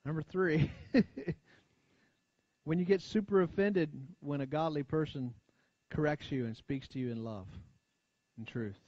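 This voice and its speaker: A man's voice: slow pace, dry recording. Preaching American man, dull lo-fi sound. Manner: conversational preaching, frequent call-and-response asides; drops low and quiet to stress key lines. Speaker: pastor. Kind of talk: sermon. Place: church sanctuary. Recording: dull lo-fi church recording.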